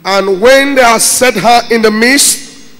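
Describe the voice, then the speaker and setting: Man reading scripture slowly in a church. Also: extremely high pitch, fairly bright tone. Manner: reads slowly in short phrases. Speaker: Bible reader. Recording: echoey church hall.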